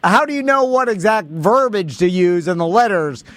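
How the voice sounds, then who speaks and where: A man's voice: high voice, lively intonation, normal speed, fairly bright tone, no room sound. A man co-hosting a talk radio show, taking calls and laughing along in easygoing banter. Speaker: radio co-host.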